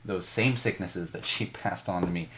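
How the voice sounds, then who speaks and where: A man's voice: low-pitched, moderate pace, a bit bright, a little hiss or hum. A man in his thirties, a podcast co-host, ranting animatedly in a casual podcast monologue with many restarts.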